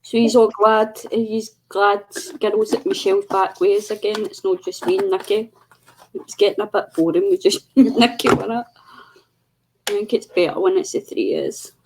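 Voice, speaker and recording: A woman's voice: mid-range voice, steady tone, moderate pace, a little mellow, slight background noise. A chatty, giggly woman co-hosting a casual craft livestream over a video call. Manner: chatty, giggly, mimics voices. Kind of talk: casual chat.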